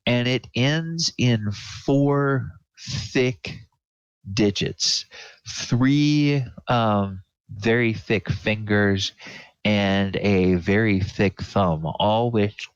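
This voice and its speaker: Man game master, slow, searching, dry, lo-fi. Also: fairly low pitch, smooth, dry recording. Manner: slow, searching, many fillers. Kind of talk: narrating a tabletop game. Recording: dull lo-fi audio.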